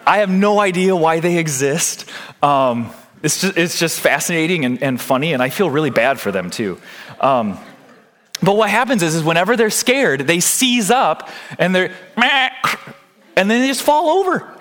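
Guy pastor preaching a sermon, kinda high voice, earnest, keeps asking the crowd stuff. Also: very animated, moderate pace, a bit bright. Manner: earnest, addresses the congregation with questions.

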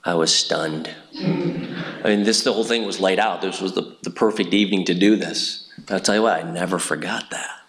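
A middle-aged man from Indiana speaks to a congregation, sharing a personal testimony. His voice sits a bit low, and he talks earnestly, with frequent ums, uhs and restarts. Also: normal speed, fairly bright tone, low-quality recording. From Indiana, USA. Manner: earnest storytelling with frequent fillers. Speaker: church speaker giving testimony.

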